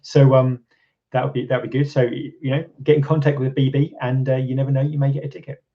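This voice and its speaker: A man's voice: medium pitch, level tone, fast, dull audio. A man from England hosting a casual live stream, rambling with lots of ums and restarts and chuckling often. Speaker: channel host. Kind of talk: casual live-stream chat reading viewer comments.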